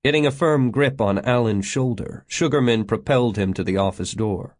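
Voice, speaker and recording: A man narrating an audiobook in a steady storytelling manner. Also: mid-range voice, moderate pace. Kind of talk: scripted narration.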